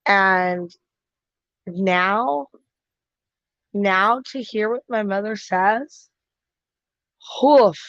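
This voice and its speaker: A woman sharing personal thoughts in a slow, earnest, hesitant way, with many pauses and fillers. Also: medium pitch, bright, forceful tone, dry recording, lo-fi sound. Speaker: guest on the stream, host's partner. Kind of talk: casual conversation.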